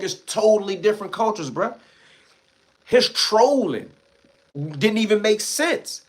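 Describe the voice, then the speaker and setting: A high-pitched, expressive man talks at a moderate pace as he hosts a livestream. He's from Washington, D.C., has a D.C. accent, and rants back at chat in heated, blunt, profane street talk.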